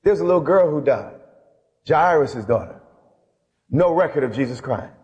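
Preaching bishop in a reverberant church. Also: male voice, on the high side, animated, darkish tone, dull audio. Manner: dramatic preaching with slow emphatic pauses. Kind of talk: sermon. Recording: live sermon with long hall reverb.

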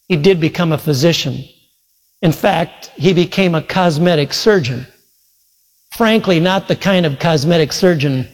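A male preacher earnestly retelling a story in a sermon, quoting voices as he goes. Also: high voice. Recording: long reverb from a large hall.

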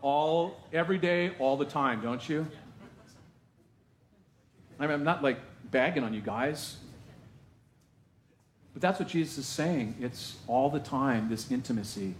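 A man's voice: mid-range voice, a little slow, long pauses, slight background noise. A man pastor giving a sermon in a church, speaking in a conversational way with frequent asides to the congregation. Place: church sanctuary. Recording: echoey church room.

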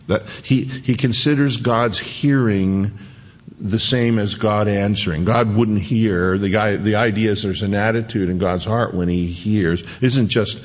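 A male pastor preaching a conversational sermon, slowing down to dwell on scripture verses. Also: on the low side.

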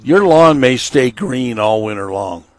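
Slow-talking garden show host, dry studio sound. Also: male voice, medium pitch, animated, dry recording. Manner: slow, instructive, folksy. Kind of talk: radio gardening advice chat.

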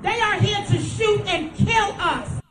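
A woman with a very high, shrill voice speaks outraged and rallying at an outdoor rally. Her voice echoes around her, and a crowd is clearly heard behind her. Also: slow, over music. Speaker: borough president. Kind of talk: speech at a street rally. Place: outdoors at a city street rally.

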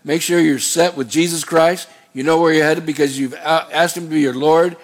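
Man preaching, kinda high voice, chatty and earnest, wanders off on tangents. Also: steady tone, normal speed. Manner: folksy, digressive, earnest. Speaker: pastor. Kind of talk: sermon with scripture reading.

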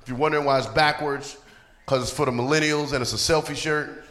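A man's voice: medium pitch, steady tone, quick pace. A male stand-up comedian closing his set, upbeat and direct, talking to the crowd on a handheld mic in a comedy club. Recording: echoey live club with crowd noise. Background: audience laughter and cheers.

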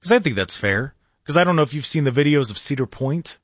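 A man's voice: a little high, lively intonation, quick pace, no room sound, studio quality. A man hosting a talk radio show, telling a story in a sarcastic, mocking way.

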